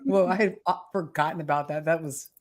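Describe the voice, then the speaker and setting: A woman hosting a casual interview, chatty and laughing often, with warm effusive thanks. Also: low voice, steady tone, brisk. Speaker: host and interviewer.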